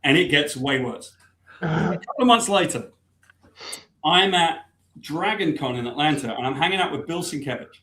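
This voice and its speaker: A man's voice: on the high side, animated, moderate pace, pauses often, sharp tone, echoey room. A man, a guest comic book writer, telling a long self-deprecating anecdote with laughs. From Britain.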